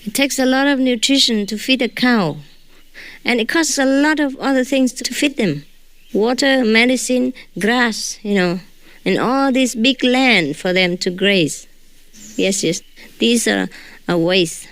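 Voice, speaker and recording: Smooth-voiced woman teacher, chatty, non-native English. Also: on the high side, measured pace, no echo. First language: not English. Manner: chatty, joking, often adds a questioning "huh?". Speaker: spiritual teacher. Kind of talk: informal talk to followers.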